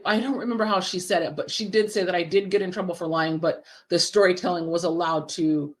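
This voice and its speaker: Animated woman telling a story. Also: on the low side, fairly quick, hardly any pauses. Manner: animated, profane, acts out quoted dialogue. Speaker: guest, horror writer and event creator. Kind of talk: casual storytelling in a podcast interview.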